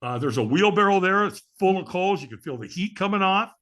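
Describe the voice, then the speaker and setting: A man's voice: sits high, animated, a little fast, a bit bright. A middle-aged man, a podcast guest, telling a story with energy and acting out the voices of the people in it. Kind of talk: animated storytelling.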